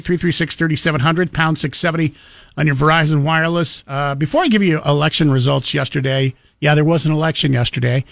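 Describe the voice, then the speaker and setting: A man hosts a radio talk show from a studio mic. His voice is a bit high for a man and sounds dry and close. He tells stories casually and acts out other people's words. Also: vocal fry, fairly bright tone, no echo. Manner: storytelling with quoted voices and chuckles.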